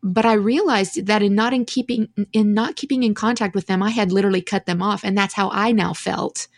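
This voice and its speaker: A woman's voice: mid-range voice, steady tone, fairly quick, dry recording. Candid woman telling her story, dry sound. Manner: candid, reflective, with restarts and rueful laughs. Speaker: podcast guest. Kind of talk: conversational storytelling.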